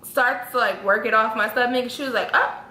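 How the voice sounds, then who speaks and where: A young woman in her twenties telling a story casually as a vlogger, acting out quotes with big jumps in her voice. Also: brisk. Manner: animated, acts out quotes with big pitch jumps. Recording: echoey room with faint ambience.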